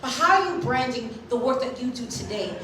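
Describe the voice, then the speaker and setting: A Haitian-born woman in her thirties delivers a motivational conference keynote, speaking emphatically and checking in with the audience often. Her slightly high, a bit bright voice is brisk with lively intonation, recorded from a distance in an echoey large hall with a little hiss or hum.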